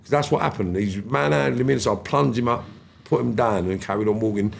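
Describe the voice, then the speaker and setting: Medium-pitched and creaky, this fifties-aged man talks a little fast over slight background noise. As a podcast guest, he tells casual, animated stories, acting out quoted voices and swearing freely.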